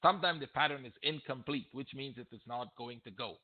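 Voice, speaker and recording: A man's voice: medium pitch, fairly quick, slightly rough. Blunt man teaching over tinny audio. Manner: blunt, emphatic, repeats himself, gets heated and loud at times. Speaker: trading educator answering viewer questions. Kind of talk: live Q&A webinar.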